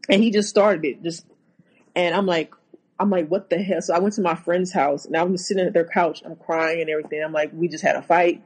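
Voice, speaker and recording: Husky woman telling her story haltingly. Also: on the low side, fairly even intonation, darkish tone, rough recording. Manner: halting, many restarts. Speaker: interview guest. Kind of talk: recounting a personal story.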